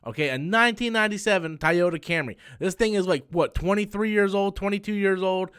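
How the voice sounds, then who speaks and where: A man's voice: high-pitched, a little fast, a bit bright, clean tone. A young man, hosting a live stream and telling a long story in casual chat, full of fillers and restarts. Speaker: comics channel host.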